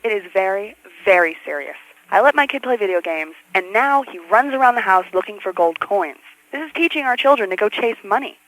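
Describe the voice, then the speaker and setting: A man's voice: high-pitched, lively intonation, fairly quick, fairly bright tone, poor audio. An actor playing a worried, moralizing mother calling a talk show. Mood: fretful. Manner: fretful, moralizing. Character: worried mother caller, anxious and preachy. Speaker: caller.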